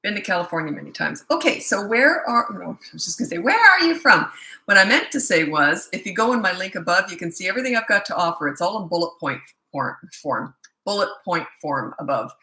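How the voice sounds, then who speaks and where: The clip, captured in an echoey space, features a Canadian parenting coach in middle age who is worn out and low-energy, chatting with livestream viewers and reading their comments. Her lowish voice is pushed and bright, with quick pacing and lively intonation.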